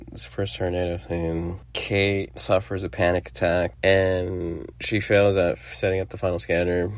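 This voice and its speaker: A young man with a very low voice chats through a film review for his podcast. He rambles, swears freely and laughs at the plot. The sound is close and dry, with no room around it. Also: no room sound. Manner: rambling, profane, laughs often. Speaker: podcast host. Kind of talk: casual movie review.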